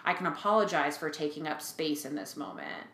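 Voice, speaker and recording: Her voice is deep and a bit fast, recorded with a roomy sound. This forties-aged podcast co-host keeps things casual and lively, retelling stories with lots of fillers and quoted voices.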